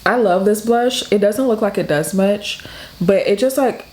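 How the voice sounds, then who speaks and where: Speaking a little slowly in a medium-pitched, slightly mellow voice, a young Detroit-area woman tells a story full of "like" while working through a makeup tutorial. She's a beauty vlogger, and the room is echoey.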